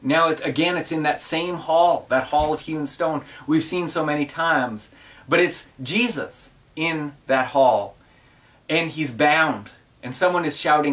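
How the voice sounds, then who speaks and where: A pastor preaches by telling scripture as a series of vivid film scenes. His voice is slightly high for a man. The voice is picked up from a distance in a church. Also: unhurried, fairly bright tone. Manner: vivid, cinematic storytelling.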